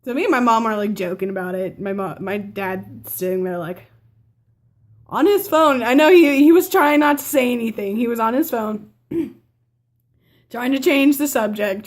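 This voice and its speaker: Animated and on the high side, a teenage vlogger talks at normal speed as she tells a personal story to camera. She's chatty and rambling, full of fillers and restarts, and she quotes her family by acting out their lines.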